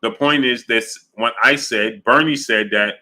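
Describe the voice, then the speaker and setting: Male livestream host, bright voice at mid pitch, emphatic and argumentative, reads out chat messages. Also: measured pace. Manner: emphatic, argumentative, repeats his points. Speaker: boxing show host. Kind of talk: livestream commentary reading viewer chat.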